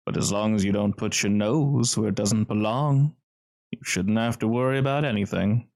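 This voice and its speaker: A man voicing a tall, distinguished, guarded gentleman who speaks smoothly and calmly. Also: on the low side. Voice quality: smooth, velvety. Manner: calm, measured, cagey.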